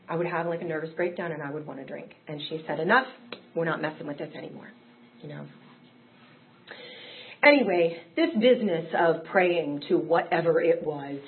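Candid woman telling her recovery story. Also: deep voice. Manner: candid, conversational, emotional peaks. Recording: tinny phone-like audio.

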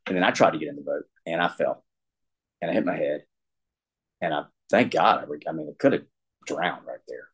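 A middle-aged man with a very low, deep voice tells a personal story candidly. He rambles and often restarts his sentences. His tone toward himself is self-deprecating. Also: expressive, a little fast, pauses often, husky, rough recording. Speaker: guest sharing recovery story.

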